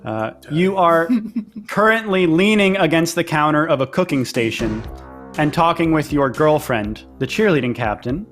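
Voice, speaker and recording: A man's voice: a little high, animated, normal speed, fairly bright tone, soft background music. Chatty man running a role-play game. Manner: chatty, lots of fillers and laughs. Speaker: game master.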